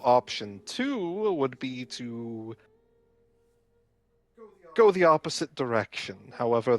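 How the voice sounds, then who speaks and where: A man voicing a flustered, bookish young male healer who gives halting, stammering explanations. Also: mid-range voice.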